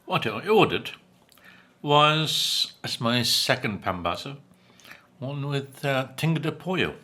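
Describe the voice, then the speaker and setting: Eating takeout as he reviews it, a male food vlogger chats in a relaxed, unhurried way with dry wit. His mid-range voice is bright and forceful, with wide swings in pitch. He chews and hums between comments.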